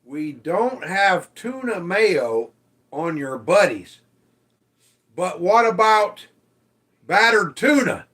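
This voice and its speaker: Guy on a livestream reading chat, slow talker, voice bouncing up and down a lot. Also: sits high. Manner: animated, teasing, swears freely. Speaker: livestream host. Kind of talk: casual livestream chat, reading viewer comments.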